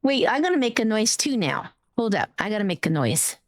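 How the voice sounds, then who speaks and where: A young woman streaming a game, chatting in a bubbly, excitable, giggly way. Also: mid-range voice, a little fast, dry recording, studio quality. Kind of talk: casual live-stream chat.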